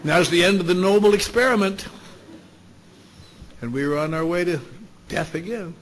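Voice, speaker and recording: A man's voice: sits high, moderate pace, a little hiss or hum. A man telling a story at a recovery meeting, blunt and wry, with salty language. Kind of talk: storytelling talk.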